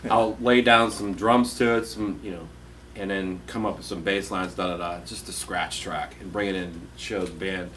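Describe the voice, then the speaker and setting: A man's voice: deep voice, fairly even intonation, moderate pace, a bit bright, slight background noise. A man in a band explaining plainly how he brings riffs to rehearsal. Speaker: band member who writes riffs. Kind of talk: casual interview chat.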